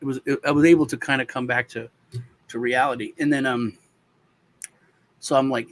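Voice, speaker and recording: A man from the United States, co-hosting a casual talk show, telling a childhood story in a halting, rambling way with many restarts. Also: mid-range voice, fairly even intonation, low-quality recording. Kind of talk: casual chat.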